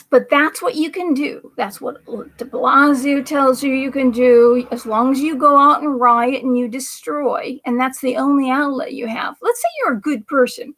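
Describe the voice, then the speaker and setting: A woman's voice: high-pitched, a bit bright. A woman hosting a political commentary livestream, talking in a rambling, emphatic way and now and then dropping to a whisper for effect. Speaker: livestream host.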